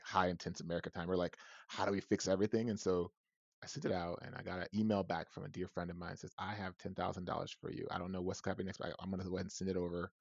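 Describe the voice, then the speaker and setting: Fast-talking, low-voiced man telling a story. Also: no room sound, muffled recording. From Southern California. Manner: animated storytelling with many restarts and quoted voices. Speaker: guest. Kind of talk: personal storytelling in a podcast interview.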